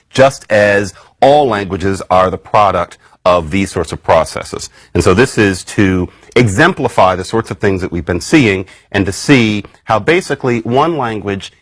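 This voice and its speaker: Animated, wry male lecturer. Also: no room sound. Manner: animated, wry, conversational, with sudden high leaps in pitch. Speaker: university lecturer. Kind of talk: recorded academic lecture.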